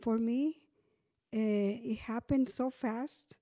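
Slow, mellow-voiced woman. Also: on the high side, no room sound, studio quality. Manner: slow and hesitant, with fillers. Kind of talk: casual conversation.

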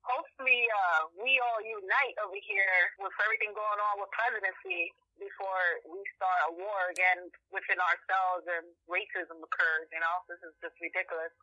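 Male guest, casual and halting, bright edge, lo-fi phone audio. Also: high voice, fairly even intonation, no room sound. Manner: halting, full of fillers and restarts. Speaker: podcast guest. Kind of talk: casual chat.

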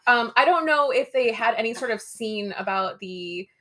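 Bright-voiced chatty woman co-host. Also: fairly high pitch, animated, moderate pace. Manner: chatty, laughs often, uses lots of "like". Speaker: podcast co-host. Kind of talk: casual chat.

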